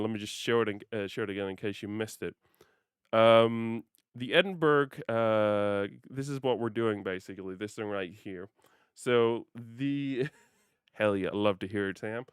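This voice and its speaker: A man's voice: medium pitch, smooth, no echo, studio quality. Playful man streaming a driving game. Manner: chatty, playful, laughs often, talks to chat. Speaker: livestreamer. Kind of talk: casual gaming livestream chat.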